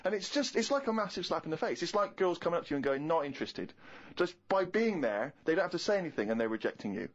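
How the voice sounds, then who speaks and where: Englishman co-host, quick animated storyteller, fairly high voice, dull lo-fi sound. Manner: animated, rapid anecdotal delivery. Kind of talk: comic storytelling on a podcast.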